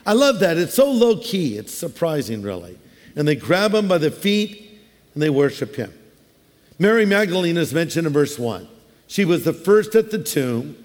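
A man preaching a sermon in a relaxed, conversational way, mixing scripture with humorous everyday asides. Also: fairly high pitch, moderate pace. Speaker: pastor. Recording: long hall reverb.

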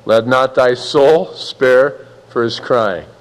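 A man's voice: mid-range voice, slow, long reverb tail, low-quality recording. A man preaching a sermon in a conversational, folksy way, acting out little quotes as he goes. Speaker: pastor.

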